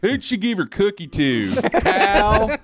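Play a teasing country museum guide with a thick put-on Southern drawl, swinging the pitch wide and high, as a man puts him on. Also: wildly swooping pitch, slow pace, gravelly, a little hiss or hum, full character voice.

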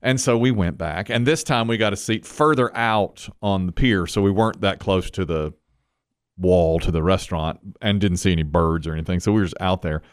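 A man's voice: sits low, fairly quick, smooth, no echo, studio quality. A man hosting a talk show, telling a story casually and animatedly. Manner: animated storyteller, laughs often.

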